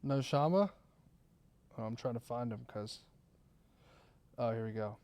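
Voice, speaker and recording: A man hosts a call-in show, laid-back and joking, talking in casual slang. His voice sits at an ordinary middle pitch. He sounds relaxed and easygoing. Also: a little slow, smooth. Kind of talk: casual chat.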